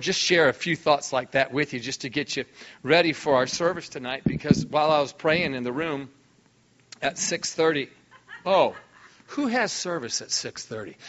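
Brief: middle-aged male preacher, raised pitch, animated storytelling, lo-fi church sound. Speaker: guest preacher. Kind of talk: sermon storytelling. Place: church hall.

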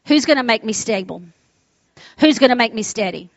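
A woman preaching a sermon with insistent repetition and calls for the congregation's response. Her voice sits fairly high. The recording is dry and slightly muffled. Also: lively intonation, normal speed, no echo.

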